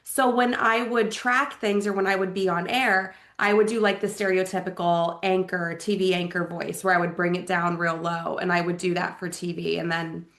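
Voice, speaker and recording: A woman hosting a casual interview, a little sick so her voice sits deeper than usual, chatty and enthusiastic. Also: flat delivery, moderate pace, few pauses, fairly bright tone. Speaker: podcast host.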